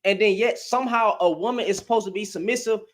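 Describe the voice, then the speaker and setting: A young man with a high-pitched voice talks fast as he rants through reaction commentary for his vlog. Using a computer webcam at home, he keeps repeating phrases, sounding incredulous.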